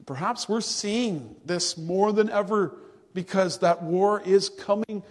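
A man delivers a sermon in a slow, measured way, leaning on key words. His voice sits high for a man. The church around him carries a long, ringing reverb. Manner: earnest, measured preaching with slow, drawn-out emphasis. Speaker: pastor.

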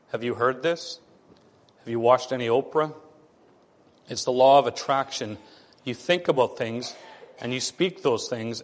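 A man preaching a sermon, animated, acting out the voices of the people he quotes. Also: medium pitch, long reverb tail.

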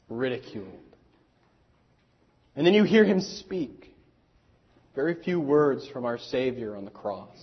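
A pastor preaching a sermon in an earnest, deliberate way with dramatic pauses, also turning to speak to the children. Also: male voice, fairly high pitch, slightly rough, muffled recording. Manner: speaks directly to children in the congregation.

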